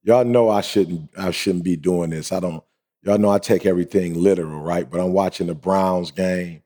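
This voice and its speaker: A laid-back man co-hosting a podcast, chatting in easy slang. His voice sits deep and low. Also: fairly even intonation, normal speed, mellow. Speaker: podcast co-host. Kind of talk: casual chat.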